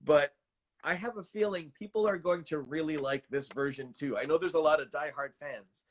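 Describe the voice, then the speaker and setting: A man in his thirties, a voice actor chatting as a guest, animated and self-deprecating, often stammering and restarting. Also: fairly high pitch, normal speed. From Canada. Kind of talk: casual interview chat.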